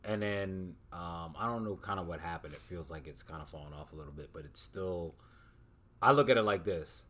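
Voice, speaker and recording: A man who is a guest on a casual podcast, speaking in a relaxed way with many ums and uhs. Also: sits low, a little fast. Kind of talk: casual chat.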